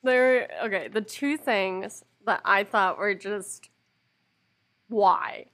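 A woman's voice: mid-range voice, takes it slowly, a bit bright. A young woman chatting casually about a TV show. She sounds exasperated, swears and laughs. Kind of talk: casual chat.

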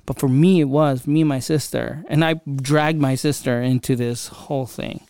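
Young man, podcast host, casual storytelling, smooth clear voice, dry close sound. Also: mid-range voice, fairly even intonation, moderate pace, a little mellow, dry recording. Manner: conversational, frequent fillers and asides.

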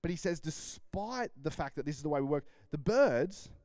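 A man with an Australian accent preaching a sermon in a lively, conversational way, often repeating words and acting out dialogue. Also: fairly high pitch, moderate pace, no echo, clean studio sound. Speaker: pastor.

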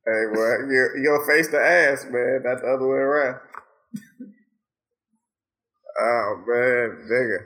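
Laughing, slangy man with a bright tone. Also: medium pitch, measured pace, long pauses. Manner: laughing often, slangy and profane, animated storytelling. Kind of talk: casual chat.

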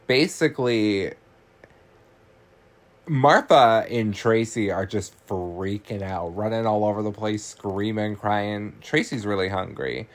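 Slow, low-voiced man recapping a movie. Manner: chatty, laughing, swears, uses filler "like" and "um". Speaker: podcast host.

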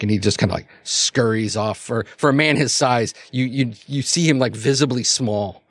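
A man's voice: medium pitch, moderate pace, few pauses, no room sound. A man narrating a tabletop role-playing game as game master, rambling with many fillers and restarts.

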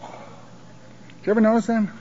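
A man's voice: high voice, level tone, a little slow, noisy background. A man telling his recovery story at a sobriety conference, confessional and emotional with wry humor, on a dull archival tape. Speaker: recovery meeting speaker.

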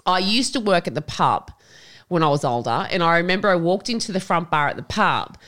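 A woman co-hosting a casual podcast chat, swearing freely and laughing through her stories. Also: fairly low pitch. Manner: swears constantly, laughs often, storytelling; animated, fast bursts. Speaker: podcast co-host.

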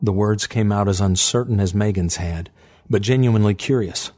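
A man narrating fiction in a steady, measured storytelling manner. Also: lowish voice.

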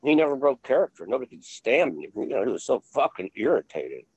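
A man's voice: mid-range voice, big pitch swings, fast talker, breathy edge, low-quality recording. An older man, an interview guest, telling rambling stories with lots of fillers and blunt swearing. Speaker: interview guest, former film crew member. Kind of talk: casual interview storytelling.

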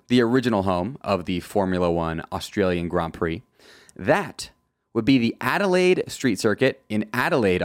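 A man's voice: fairly low pitch, no echo, studio quality. A man hosting a solo motorsport podcast, reading from a script with jokey, self-deprecating asides. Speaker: podcast host.

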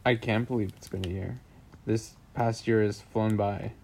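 A man co-hosting a podcast in casual chat, rambling in a relaxed way and laughing easily. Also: fairly low pitch, normal speed, gravelly. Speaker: podcast co-host.

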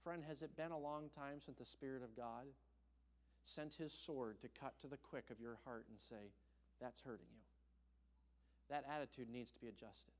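A young man preaching a sermon as pastor, telling a personal story and acting out quoted voices, dropping soft and low for tender points. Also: moderate pace. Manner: storytelling, acts out quoted voices with big pitch jumps.

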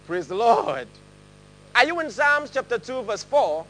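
A man's voice: very high-pitched, big pitch swings, measured pace, bright, forceful tone, a little hiss or hum, poor audio. A man preaching a sermon, laughing often and leading his congregation in reading aloud together. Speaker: pastor. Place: church hall with a congregation.

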